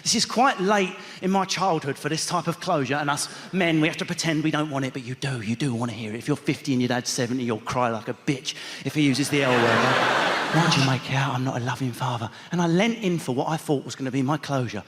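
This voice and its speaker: A man telling a stand-up comedy story, animated and building to shouted punchlines. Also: mid-range voice, fairly quick. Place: large theatre stage. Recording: reverberant theatre hall with loud audience.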